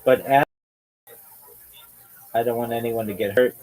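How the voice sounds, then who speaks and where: Man, livestream host, drawn-out slangy and profane chatter, mid-pitched. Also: steady tone, darkish tone, soft background music, poor audio. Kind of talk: casual livestream chat.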